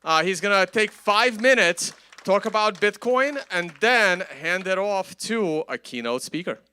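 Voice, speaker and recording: Bright high-voiced man hosting a conference. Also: animated, unhurried, smooth. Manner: loose, chatty, with many fillers. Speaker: conference host. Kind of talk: stage announcements at a live event. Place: conference stage.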